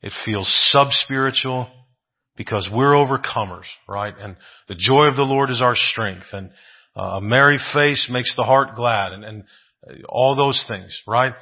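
A man's voice: mid-range voice, unhurried, muffled recording. A man preaching a sermon, asking rhetorical questions, often adding "right?" and repeating phrases for emphasis.

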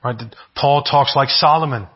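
Male pastor, husky, earnest sermon delivery, muffled lo-fi sound. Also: mid-range voice, moderate pace. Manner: earnest, repeats words, asks "right?" often.

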